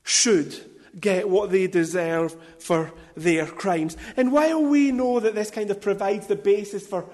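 A man preaching a sermon in a deliberate, emphatic way, with light self-deprecating asides. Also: sits high, darkish tone, big-room sound.

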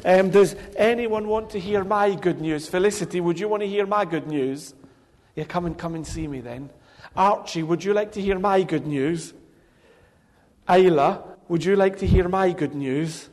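A man leading a children's talk in a church service, speaking gently and playfully and calling children by name, into a handheld microphone. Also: sits high, moderate pace. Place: church hall with congregation. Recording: reverberant hall.

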